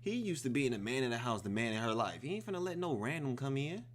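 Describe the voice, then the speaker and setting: A man hosting a reaction video, telling the story of a film in a casual, excited, profane way. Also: mid-range voice, quick pace, a little hiss or hum.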